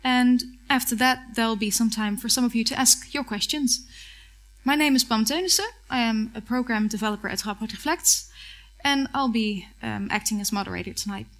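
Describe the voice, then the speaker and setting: A woman moderating a public talk, soft and hesitant with frequent pauses. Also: on the high side. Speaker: event moderator.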